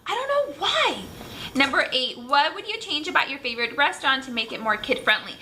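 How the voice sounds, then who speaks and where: Bright, high-voiced young mom chatting. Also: female voice, sing-song, brisk, slight background noise. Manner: chatty and candid, with many fillers. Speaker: mom vlogger. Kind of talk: casual tag video, reading questions aloud. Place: home room.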